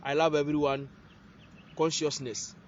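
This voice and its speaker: A high-voiced man preaches in a loose, questioning style and keeps prompting his listeners. The phone recording is dull and lo-fi, with a faint hiss behind it. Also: flat delivery, unhurried. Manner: rhetorical questions, prompting "what?". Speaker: spiritual teacher. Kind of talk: casual teaching monologue.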